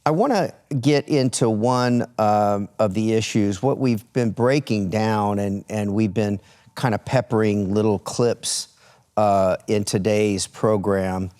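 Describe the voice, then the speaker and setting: A talk-show host from Texas, speaking in a fairly low voice with a relaxed, rambling delivery. He restarts and repeats words as he tells his anecdote. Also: takes it slowly, clean tone. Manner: storytelling with many restarts. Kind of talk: casual studio talk show.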